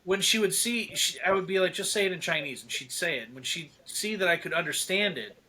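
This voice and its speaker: A middle-aged man chatting on a podcast, telling animated stories, laughing often and acting out what people said. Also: sits high, fairly quick. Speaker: podcast guest. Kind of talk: casual storytelling chat.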